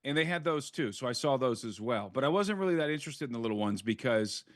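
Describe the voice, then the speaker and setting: A man's voice: medium pitch, lively intonation, fast, no echo, clean studio sound. Earnest man telling it first-hand. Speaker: interview guest. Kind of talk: conversational interview.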